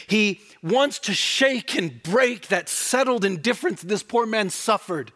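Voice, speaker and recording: A man preaching an expository sermon, with animated swings between loud emphatic quotes and quiet asides, and frequent restarts. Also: high-pitched, a little slow, few pauses. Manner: frequent restarts and repeated words. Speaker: pastor.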